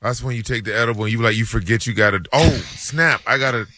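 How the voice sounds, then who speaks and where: A man co-hosting a sports radio show, joking in a deadpan, mock-stern way. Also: fairly low pitch, very fast, no room sound. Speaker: radio co-host. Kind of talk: casual sports talk.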